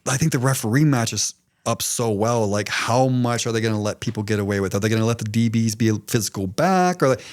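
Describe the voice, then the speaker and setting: A young adult man co-hosting a casual sports podcast, talking in an animated way, swearing freely and laughing at his own stories. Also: lowish voice, fast talker, hardly any pauses. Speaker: podcast co-host.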